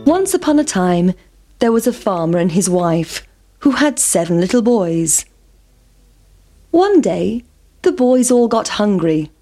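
A woman reading a children's story aloud in a clear, measured voice. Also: mid-range voice, sing-song, mellow, faint music behind.

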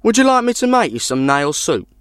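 A narrator playing a hungry, sly wanderer in a storybook who talks someone round with a coaxing, persuasive tone. the voice is a little raised and lively, and the sound is dry and close. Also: medium pitch, a little fast, smooth, dry recording, voice pushed up. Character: hungry, crafty wandering man.

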